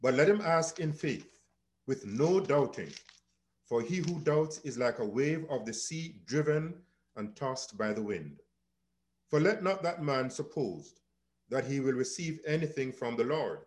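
A man reading Bible verses aloud in a steady, measured way during a church study. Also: mid-range voice. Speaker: scripture reader in a church.

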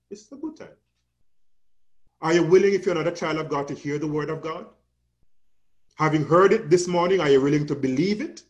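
A man's voice: a little high, brisk, long pauses. A man preaching a sermon with an emphatic, rising and falling cadence, calling listeners his friend.

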